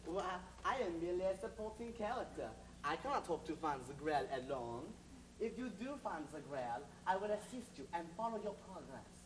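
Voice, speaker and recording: A hammy mock-French informant, played by a woman on stage, sliding between a put-on French accent and a put-on German one with a lively, swooping voice. The sound is roomy and comes from far off the mic, with steady noise underneath. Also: on the low side, moderate pace. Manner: hammy, theatrical. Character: woman playing a fickle fake-French informant. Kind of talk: amateur stage comedy.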